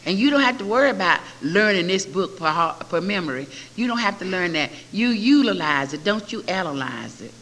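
A woman's voice: medium pitch, fairly quick, few pauses. Older woman telling her story in a hall. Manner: storytelling, quotes others in lively voices. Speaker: recovery meeting speaker. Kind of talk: personal testimony. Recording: echoey hall with faint hiss.

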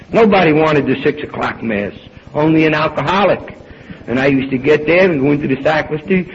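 An older man at a recovery meeting, telling his own story in an animated way and acting out the dialogue. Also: fairly high pitch. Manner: animated storyteller, acts out dialogue, swings between loud and hushed. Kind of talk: personal storytelling talk. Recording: dull lo-fi recording with faint hiss.

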